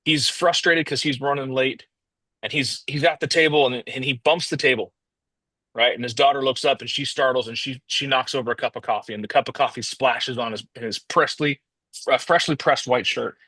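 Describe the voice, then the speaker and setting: A man's voice: mid-range voice, steady tone, moderate pace, sharp tone, breathy edge, dry recording. A man telling a motivational story in a casual, rambling way, often restarting and calling his listeners guys.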